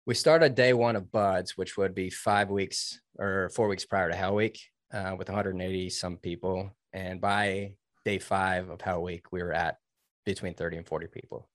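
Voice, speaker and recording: A man's voice: low-pitched, steady tone, normal speed, no room sound. A man recounting his military training in an interview, earnest and openly emotional, with restarts. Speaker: interview guest, former Navy SEAL trainee. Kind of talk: storytelling in a conversational interview.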